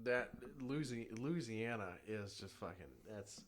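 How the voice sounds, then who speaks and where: A man's voice: on the low side, expressive, a little slow. A young man co-hosting a podcast in casual chat, swearing freely, laughing often and trying out regional accents. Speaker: podcast co-host.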